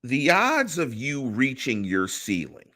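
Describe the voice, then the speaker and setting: A man's voice: mid-range voice, wildly swooping pitch, slow pace, sharp tone. A middle-aged man hosting a solo sports podcast, talking through his opinions and putting rhetorical questions to his listeners. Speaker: podcast host.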